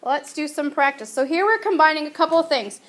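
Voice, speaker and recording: Female teacher with a high voice, casual and patient in a classroom lesson. She stretches her example words out. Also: expressive, a bit bright. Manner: chatty, patient explaining, drawing out example words slowly. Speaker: Spanish teacher. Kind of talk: recorded classroom grammar lesson.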